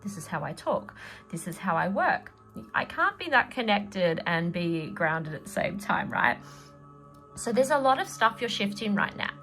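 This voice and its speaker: A woman's voice: mid-range voice, very animated, normal speed, sharp tone, soft background music. Chatty woman reading tarot. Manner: chatty, rambling, with many fillers and laughs. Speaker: tarot reader and energy healer. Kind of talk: casual spoken tarot reading.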